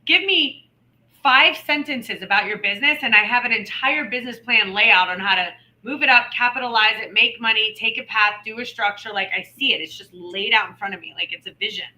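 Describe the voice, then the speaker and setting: A woman co-hosting a podcast, telling stories in animated casual chat with quick asides. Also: fairly high pitch, rough recording. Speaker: podcast co-host.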